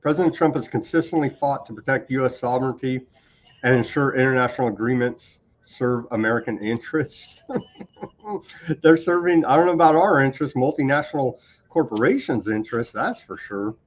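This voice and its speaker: A man's voice: mid-range voice, a little fast, dull audio. A male host reading out news items with casual, skeptical commentary. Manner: reads documents aloud, casual asides.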